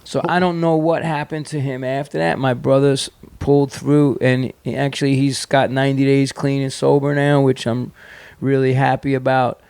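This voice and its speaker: A man's voice: medium pitch, flat delivery, normal speed, darkish tone, smooth, no room sound. A middle-aged man with a New York accent, a podcast guest telling hard stories in a rambling, profane way full of fillers and restarts. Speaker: podcast guest, punk band singer. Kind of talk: candid storytelling in conversation.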